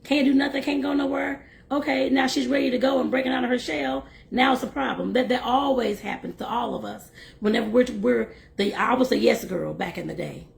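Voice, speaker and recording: A woman reading a novel aloud and breaking off for lively, chatty asides to her listeners. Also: fairly high pitch, brisk, gravelly. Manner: lively, laughs and talks to listeners directly. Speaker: host and reader.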